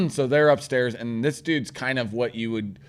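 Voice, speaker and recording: A man's voice: mid-range voice, big pitch swings, measured pace, creaky. Profane St. man telling a story. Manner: profane, rambling anecdote with acted-out quotes. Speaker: podcast co-host. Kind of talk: casual storytelling chat.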